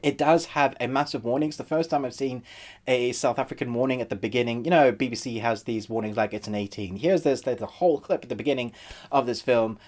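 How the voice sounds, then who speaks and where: A man's voice: medium pitch, brisk, a little mellow. Chatty man reviewing a film. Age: adult, married. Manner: chatty and conversational, acts out viewers' reactions. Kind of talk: casual video review.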